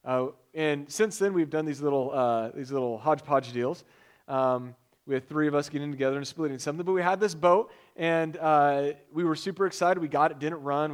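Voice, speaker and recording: A man preaching a sermon, telling a personal story in an animated way, with loud bursts when he gets excited. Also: a little high, fast. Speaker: pastor.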